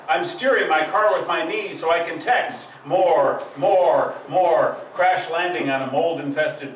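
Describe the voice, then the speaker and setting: A man's voice: a little high, a bit bright, slight background noise. Man reciting poetry in an echoey room. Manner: rhythmic, emphatic delivery of lists. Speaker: poet. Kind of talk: live poetry reading. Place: live poetry event venue. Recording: echoey room, distant mic, faint ambience.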